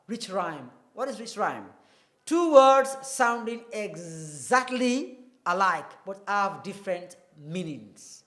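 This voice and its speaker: A teacher explaining pronunciation, talking slowly and deliberately, repeating and spelling words out. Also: medium pitch, pushed and bright. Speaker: English teacher. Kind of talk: classroom-style explanation.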